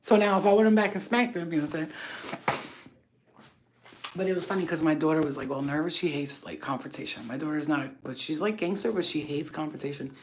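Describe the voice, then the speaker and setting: A woman telling a story on a casual livestream, talking loudly and animatedly, swearing and laughing often. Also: deep voice, fairly quick. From New York. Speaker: channel host.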